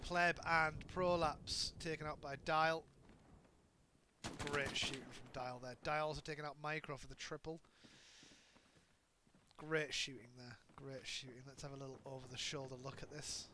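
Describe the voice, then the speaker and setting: A man giving live play-by-play commentary on an online shooter match, excitable and often correcting himself mid-sentence. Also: on the high side, moderate pace. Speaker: game commentator. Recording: noisy with gunfire in background. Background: game gunfire and ambience.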